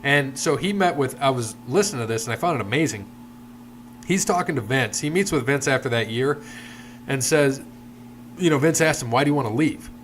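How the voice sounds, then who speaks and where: A man of middle pitch co-hosting a casual chat podcast. He talks in long rambling runs and slips into quoted voices as he retells stories. A faint hum sits under the recording. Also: fairly quick. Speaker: podcast co-host.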